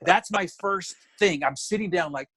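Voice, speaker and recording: Here the man, a 40-something comedian from Alabama, chats casually on a podcast by video call and animates his stories by voicing the people in them. His voice sits high at a normal speed with a breathy edge. Sound is poor but echo-free, from a home room with a closet door, with camera and ring light.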